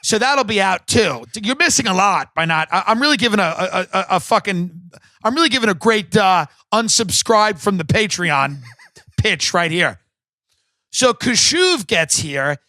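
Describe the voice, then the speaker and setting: Male podcast host, high bright voice, profane sarcastic rambling rant, close dry sound. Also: expressive, a little slow, dry recording. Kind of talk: comedic ranting monologue. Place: home podcast set.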